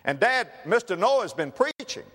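A man preacher voicing an excited little boy who tumbles over his words, in an echoey hall. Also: high voice, moderate pace, breathy edge, pitched above the performer's own voice, full character voice. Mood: excited, eager. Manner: breathless, eager, tumbling words.

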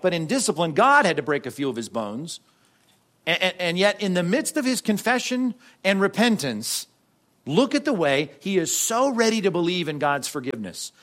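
A man preaching a sermon in a conversational way, with frequent asides to the congregation and sudden shifts from loud to soft. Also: a little high. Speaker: pastor.

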